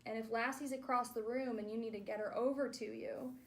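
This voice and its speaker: A woman's voice: a little high, steady tone, brisk, slight background noise. A woman speech clinician giving a therapy demonstration, patiently modeling words and praising each try.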